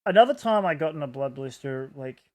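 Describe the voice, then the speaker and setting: A man with a notably high voice tells a casual story on a podcast. He halts, restarts and acts out what people said. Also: animated, a little mellow. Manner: halting, restarts often, acts out quotes. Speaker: podcast co-host.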